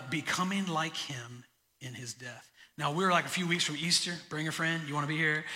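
A man preaching a sermon as pastor, emphatic, slowing down to stress key phrases. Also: a little high, pushed and bright. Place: church sanctuary. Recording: church hall reverb.

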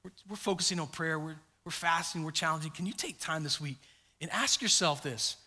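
A man preaching in a church, his voice bright and forceful. He tells stories animatedly, jumping his pitch when he acts out what people said. The sound carries a long, hall-like reverb. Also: brisk. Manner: storytelling, acts out quotes with big pitch jumps. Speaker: pastor. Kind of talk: sermon. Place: church sanctuary.

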